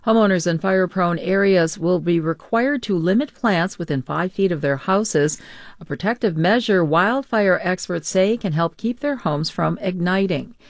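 A woman newscaster reading a scripted news bulletin in a crisp, formal way. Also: lowish voice, normal speed, no room sound, clean studio sound.

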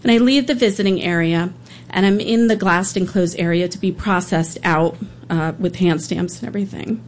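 A woman's voice: fairly low pitch, slight background noise. Earnest woman telling a personal story. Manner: earnest, halting, emotional retelling. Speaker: public defender.

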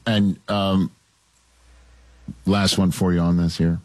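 A man hosting an interview, asking his questions in a halting way. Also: sits low, little pitch movement, a little mellow, no echo.

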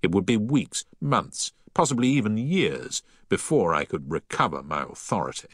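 A man narrating a first-person story as an audiobook, in a measured, expressive way. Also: fairly low pitch, husky, dry recording, clean studio sound.

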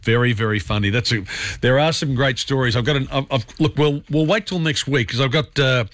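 A man hosting a radio chat, rambling and quick to laugh. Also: mid-range voice, fairly bright tone, no room sound. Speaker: radio host.

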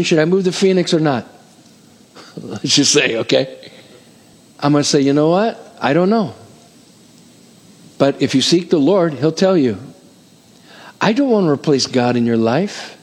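A middle-aged man preaching a sermon as pastor, who counts off numbers quickly like an auctioneer and then slows down to teach. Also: a little high. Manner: energetic, rapid counting like an auctioneer. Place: church hall. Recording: long hall reverb.

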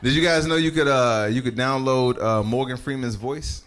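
A man's voice: mid-range voice, moderate pace, fairly bright tone, clean tone. A man doing a casual stand-up set, talking straight to the audience in a loose, profane way. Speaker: stand-up comedian.

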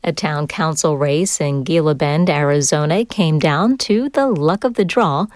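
A woman reads the news in a measured, crisp delivery. Her voice sits low. The studio sound is dry and close. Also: darkish tone, dry recording. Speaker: newscaster. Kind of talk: newscast reading.

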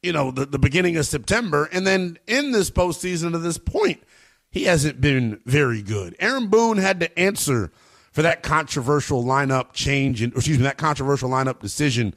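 A man giving emphatic, opinionated sports commentary in a slangy, animated way. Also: on the high side, moderate pace.

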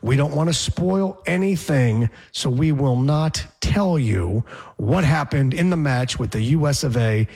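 A man's voice: mid-range voice, expressive, measured pace, a little mellow, husky. A man co-hosting a casual sports radio show, teasing his partner with wisecracks. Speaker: co-host.

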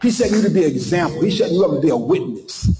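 High-voiced impassioned male preacher, echoey. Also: expressive, dark tone, slight background noise. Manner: impassioned, preaching with dramatic pauses and acted-out quotes. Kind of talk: sermon.

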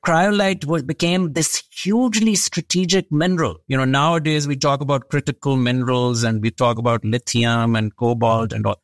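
A man interviewed as an expert, explaining history in a measured way. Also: medium pitch, fairly even intonation, no room sound, clean studio sound.

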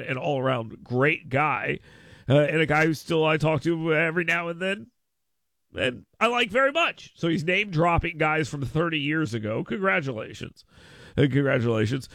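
A middle-aged man hosting a talk radio show, sarcastic and mock-petty, jumping between low mutters and hyped shouts in his monologue and ad reads. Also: creaky, no echo. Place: radio studio. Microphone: studio microphone.

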